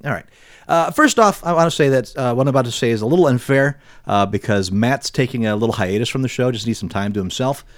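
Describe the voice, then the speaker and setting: A man's voice: medium pitch, quick pace, no room sound, clean studio sound. A man hosting a casual podcast, asking curious questions and steering the talk. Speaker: podcast host. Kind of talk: casual chat.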